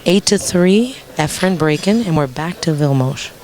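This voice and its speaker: In a pool hall, with the crowd audible in the background, a commentator jokes and chats his way through a live-streamed pool match, laughing easily. The voice is mid-range, animated, a little slow and slightly mellow.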